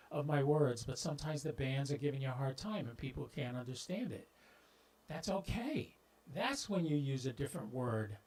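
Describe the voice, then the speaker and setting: Folksy ham radio host with a clip-on mic. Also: male voice, fairly high pitch, darkish tone, low-quality recording. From southeastern US. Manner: folksy, talks directly to viewers, stumbles into jokes. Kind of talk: casual livestream talk. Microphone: clip-on microphone on shirt. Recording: popping and scratching from mic.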